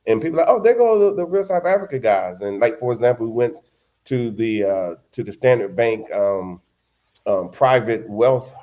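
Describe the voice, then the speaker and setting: A man's voice: lowish voice, warm tone. A man co-hosting a travel show, talking casually with lots of restarts and emphatic stresses. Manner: rambling, many restarts, emphatic. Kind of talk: casual conversation.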